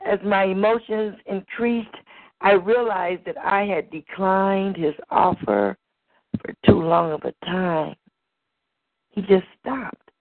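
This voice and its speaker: Woman at an open mic, gravelly, measured rhythmic poetry, phone-like audio. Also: medium pitch, steady tone, no echo. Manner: slow, rhythmic, rhyming delivery. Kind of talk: spoken word poetry performance. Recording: tinny phone-like recording.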